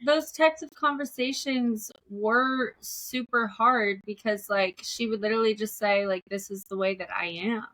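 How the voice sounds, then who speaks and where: Bright-voiced young woman telling a story. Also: mid-range voice, unhurried, few pauses. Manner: frequent "like" fillers, laughs while telling. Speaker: podcast guest. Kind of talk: candid conversational storytelling.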